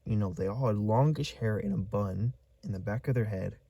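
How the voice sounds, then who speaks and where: Male vlogger, low and mellow voice, rambling halting storyteller who keeps searching for the right words. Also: vocal fry, slightly rough, no room sound. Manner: rambling, halting, lots of fillers. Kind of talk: casual storytelling vlog.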